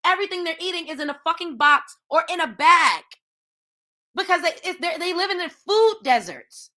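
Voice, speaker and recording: A woman's voice: very high voice, animated, normal speed, pushed and bright. A woman hosting her own show, ranting in heated, profane commentary with lots of exclamations. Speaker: show host.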